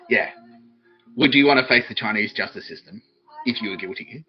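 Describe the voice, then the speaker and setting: A man's voice: on the low side, fairly quick, husky, dull audio, soft background music. A man, hosting a podcast stream and rambling through a comic monologue, swearing often and laughing at his own jokes. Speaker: podcast host streaming live. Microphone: desk microphone.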